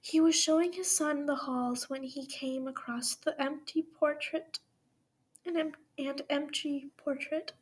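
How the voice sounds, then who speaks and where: A woman reading fanfiction aloud into a voice recorder, softly and often half whispered. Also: high voice, steady tone, a little slow. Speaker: fanfiction reader.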